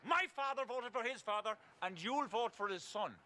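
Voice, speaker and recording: A stubborn old irish dad, high bright voice that jumps around. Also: male voice, expressive, normal speed, exaggerated voice. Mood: insistent. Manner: dismissive, insistent.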